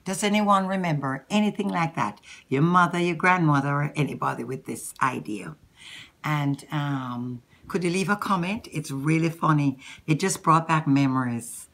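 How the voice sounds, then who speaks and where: Low-voiced Jamaican woman teaching wig-making. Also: normal speed, a bit bright. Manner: chatty, instructive, talks straight to the viewer. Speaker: hair vlogger. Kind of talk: casual wig-making tutorial.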